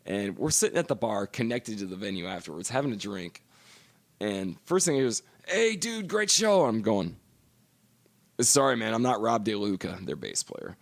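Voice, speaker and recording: Middle-aged guy on a podcast, gravelly voice, swears a lot, pitch bouncing all over as he tells stories. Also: expressive, moderate pace. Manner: profane storytelling. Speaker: podcast co-host. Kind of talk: casual chat.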